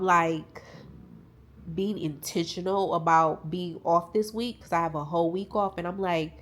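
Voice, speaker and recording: This young vlogger's voice sits low but a bit bright as she chats casually to camera at home. She rambles through tears, talking openly with her viewers about grief.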